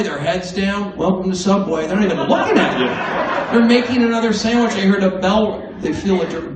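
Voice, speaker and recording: A man doing a stand-up comedy set in a comedy club, with a manic, erratic delivery that breaks into sudden loud outbursts. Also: fairly high pitch. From American Southwest. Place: comedy club main room. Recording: roomy, distant livestream audio with crowd laughter.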